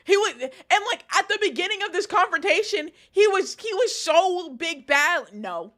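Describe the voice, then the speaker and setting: A woman's voice: very high-pitched, moderate pace, fairly bright tone. A young woman streamer giving casual live commentary on a video, mocking and laughing often.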